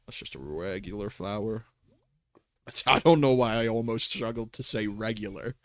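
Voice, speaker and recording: A man's voice: on the low side, normal speed, dry recording, studio quality. A man livestreaming a game in casual commentary, chatty and talking to himself and his pets, swearing and laughing often at a desk microphone.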